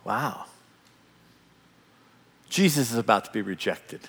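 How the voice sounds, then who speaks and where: Animated preaching man, husky, in a reverberant hall. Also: on the low side, takes it slowly. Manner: dramatic, animated preaching that acts out the scene. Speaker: pastor. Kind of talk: sermon.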